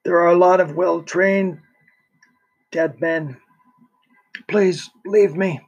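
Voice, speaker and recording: A man's voice: sits high, steady tone, takes it slowly, slightly rough, dull audio, pitched above the performer's own voice, full character voice. A man voicing a bitter, dying old man who speaks weakly between coughs in an audiobook reading. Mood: bitter, weary. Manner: weak, coughing, curt. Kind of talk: audiobook character voice.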